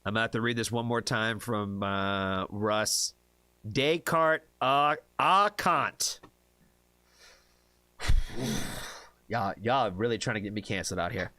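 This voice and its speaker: A man's voice: lowish voice, fairly even intonation, brisk, hardly any pauses, sharp tone, dry recording. A man from the United States hosting a casual livestream, chatty, laughing often and tripping over hard names. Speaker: livestream reaction host.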